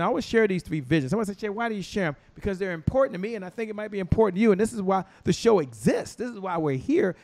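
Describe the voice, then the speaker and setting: A man hosting an online motivational show, telling stories with lively acted-out voices. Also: a little high, no echo. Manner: preacher-like storytelling with acted-out voices. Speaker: show host.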